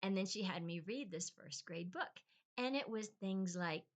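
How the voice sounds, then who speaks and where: A middle-aged woman telling a casual, rambling personal story with many ums and restarts, on a quiet, poor-quality recording. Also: mid-range voice, lively intonation, normal speed. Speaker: vlogger, language encourager. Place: lives in Bolivia.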